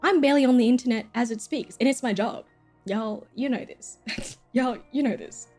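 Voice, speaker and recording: A woman's voice: fairly high pitch, normal speed, darkish tone, faint music behind. A young woman streamer chatting casually, rambling and giggling, swearing freely.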